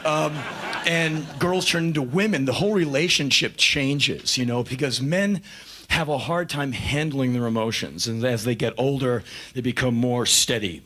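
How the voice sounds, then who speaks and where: A male comedian doing a stand-up set, ranting in an animated, mock-shouting way. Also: fairly high pitch, normal speed.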